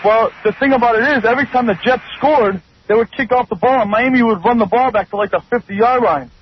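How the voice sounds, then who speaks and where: A man excitedly recapping a football game on talk radio. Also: extremely high pitch, quick pace, breathy edge, no echo. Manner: excited storytelling. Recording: dull lo-fi radio broadcast.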